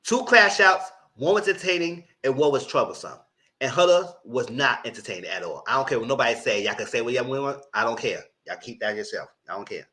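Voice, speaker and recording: A man's voice: animated, a little fast, sharp tone. A man giving a live recap of a reality TV show, talking in a sassy, blunt, slangy way. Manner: sassy, blunt, slangy, breaks into mocking high voices.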